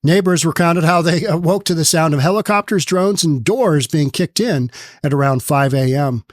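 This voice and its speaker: A man's voice: a little high, moderate pace, no echo, studio quality. A man hosting an opinionated news commentary show, reading news aloud and riffing on it with sarcasm. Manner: sarcastic, mocks with put-on quoted voices; reads news text aloud, then riffs on it.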